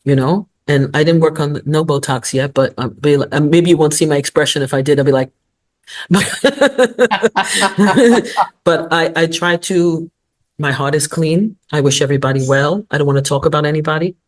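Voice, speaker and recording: Deep-voiced and brisk, this guest in her sixties keeps a casual interview lively with storytelling and motivational advice. She laughs frequently throughout.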